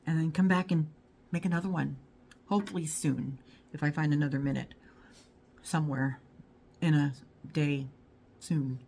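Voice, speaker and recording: A woman's voice: low voice, steady tone, moderate pace, pauses often, mellow, husky. A middle-aged woman vlogger chatting casually to camera in a rambling way. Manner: rambling and chatty, talks to her dog. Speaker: YouTube haul vlogger.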